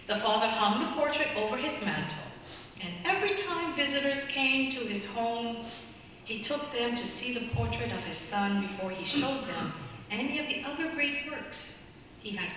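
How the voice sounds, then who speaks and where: A woman preacher with a bright voice who tells a story in a steady sermon style. She is heard from a distance in a large hall with a long reverb. Faint noise sits underneath. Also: medium pitch. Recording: echoey hall from far off.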